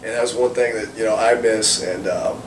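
A male wrestler chatting casually in an interview, animated and swearing freely. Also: lowish voice, normal speed. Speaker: professional wrestler guest. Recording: roomy, distant mic with background noise.

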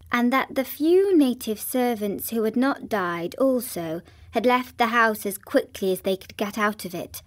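A woman reads a children's classic aloud at a slow, unhurried pace. Her voice sits fairly high, and the even delivery sounds synthetic. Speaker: storyteller. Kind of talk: children's storybook narration.

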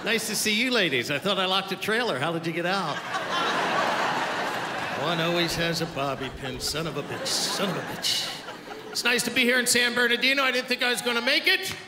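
A brash older man working a live comedy crowd, crude and teasing, in a high-pitched voice. His set carries a long hall echo, with a loud crowd roaring behind him. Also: fairly quick. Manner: crude, brash, bantering with the audience. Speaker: stand-up comedian. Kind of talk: stand-up comedy with crowd work. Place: live comedy club stage. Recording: live club recording, roomy with loud crowd noise.

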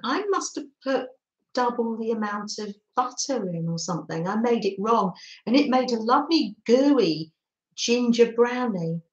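A woman vlogger chatting casually on a live stream, giggling often and talking warmly to viewers and her dogs. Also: fairly high pitch, reverberant, low-quality recording. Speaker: craft vlogger. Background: pet dogs nearby.

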